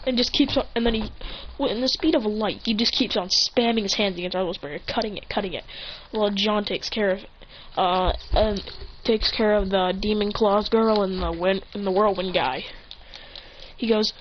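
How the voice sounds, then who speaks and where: A woman's voice: mid-range voice, normal speed, a little hiss or hum. A young-sounding woman rambling through an improvised fan story, often correcting herself mid-sentence, on a lo-fi recording. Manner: rambling, restarts, self-corrections.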